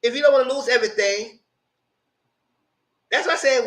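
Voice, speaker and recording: A man with a high, swooping voice that jumps all over its range recaps reality TV live. He is blunt and profane and laughs often as he talks. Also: lively intonation, brisk, fairly bright tone. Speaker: channel host reviewing reality TV. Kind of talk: casual live recap commentary.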